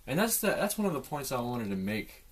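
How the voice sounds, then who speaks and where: A man's voice: medium pitch, sing-song, a little fast, husky. A man talking as a podcast guest in casual chat, earnest and encouraging.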